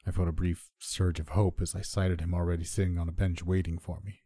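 Deep husky guy reading a creepy first-person story, dry close sound. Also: level tone, dark tone, no room sound. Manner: measured, subdued storytelling. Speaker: horror story narrator. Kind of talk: scripted first-person horror narration.

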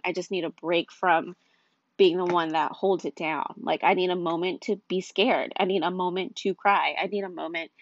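A woman's voice: on the low side, dry recording. A young woman speaks in a candid, confessional ramble about faith, sounding worn out. Her voice is close and dry, with a slightly dull, lo-fi quality to the recording. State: tired.

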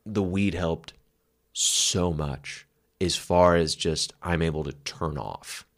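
A man's voice: low-pitched, slow. A man co-hosting a podcast, talking candidly and reflectively about his past, swearing casually. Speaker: podcast co-host. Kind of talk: candid conversational chat.

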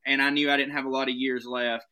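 A man telling comic stories in casual podcast talk, animated and profane, often laughing as he goes. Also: medium pitch, quick pace, clear, resonant tone. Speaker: podcast guest.

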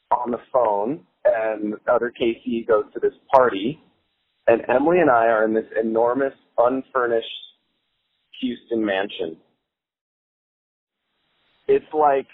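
A young man telling a casual anecdote, animated, laughing often and swearing casually, with many "like" fillers. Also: medium pitch, dry recording. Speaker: storyteller. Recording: phone-like line with faint music.

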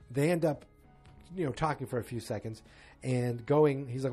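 A man talks through a TV episode in a loose, wandering way and cracks small jokes as he goes. His voice is husky and sits at a middle pitch. Faint music plays underneath. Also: brisk, warm tone. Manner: loose, rambling, joking asides. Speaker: TV episode recapper. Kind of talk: casual spoken recap.

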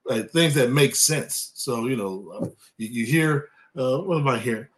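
A man from California, a former college quarterback, talking sports as a guest in a casual chat, lively and quick to repeat himself when starting a thought. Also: mid-range voice.

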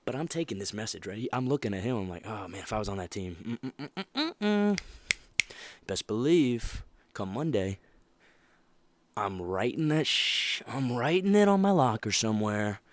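Young male podcast host, low voice, animated motivational monologue, dry close recording. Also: normal speed, dry recording. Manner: animated, emphatic, laughs often.

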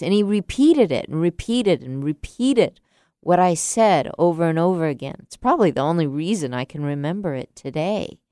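A woman in her late fifties, a teacher, telling a reflective personal story in a soft, unhurried way. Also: sits low, clean tone, no room sound, studio quality. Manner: slow, soft-spoken and unhurried.

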